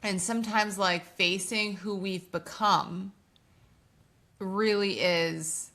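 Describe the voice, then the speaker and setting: A woman hosting a podcast interview, asking her guest slow, thoughtful questions. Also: medium pitch, steady tone, a bit bright. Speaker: podcast host.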